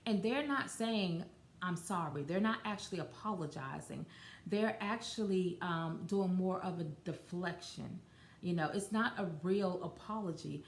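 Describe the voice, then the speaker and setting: A woman's voice: lowish voice, measured pace, slight background noise. A woman hosting a podcast on her own, talking in a loose, conversational way with lots of fillers and restarts. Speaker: podcast host. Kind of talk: casual solo podcast talk. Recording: roomy echo.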